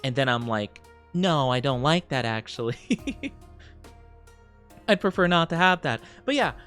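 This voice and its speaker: Young man, VTuber streamer, rambling casual chat, lively pitch, faint game music behind. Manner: rambling, chatty, laughs often, many fillers.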